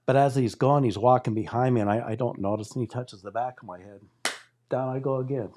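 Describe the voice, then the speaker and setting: A man's voice: mid-range voice, brisk, dark tone, slight background noise. A man in his sixties telling his testimony as a guest in a casual, rambling storytelling way. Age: 60s. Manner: rambling storyteller who acts out quoted dialogue.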